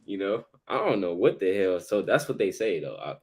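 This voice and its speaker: A man's voice: low-pitched, big pitch swings, moderate pace, husky. A man co-hosting a casual Bible study discussion who talks loosely in slang and laughs often.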